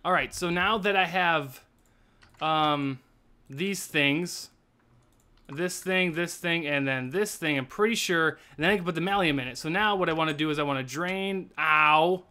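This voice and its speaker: A young man hosting a casual gaming session, excitable, laughing often and trailing off mid-thought. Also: fairly high pitch, moderate pace, clean tone. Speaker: host.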